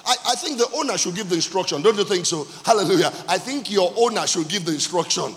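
A male pastor preaching a sermon, repeating key phrases and shouting for emphasis. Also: high voice, animated, quick pace, few pauses, faint music behind. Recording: long hall reverb.

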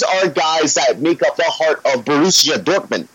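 A man's voice: fairly high pitch, lively intonation, moderate pace, dull audio, a crowd in the background. A man speaking as a guest on a football podcast, talking in a casual, ranty way and swearing when he gets worked up.

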